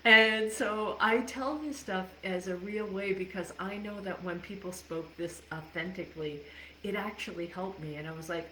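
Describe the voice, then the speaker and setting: A woman life coach speaks candidly on a casual livestream, swearing freely and laughing often. Her mid-range voice sounds pushed and bright at a moderate pace. The room is echoey, with faint ambience and slight background noise.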